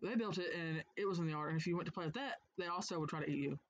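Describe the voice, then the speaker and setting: Fast-talking Kentucky woman gamer. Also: on the low side, dry recording. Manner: rambling, swears freely, yelps at the game. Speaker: let's play co-host. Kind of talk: casual gameplay chat. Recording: dull lo-fi sound with background noise.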